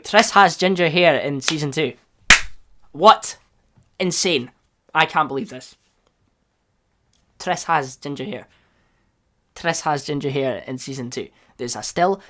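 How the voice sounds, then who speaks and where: A young man hosting a casual solo review podcast, excitable and rambling, with his voice leaping up in pitch and loudness when he gets worked up. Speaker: podcast host.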